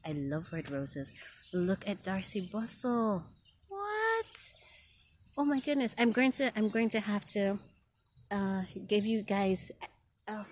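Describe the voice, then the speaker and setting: A woman filming a casual walkthrough of her rose garden, talking straight to her viewers and gushing with excitement over each plant. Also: medium pitch, a little hiss or hum. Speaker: garden vlogger. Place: outdoor garden.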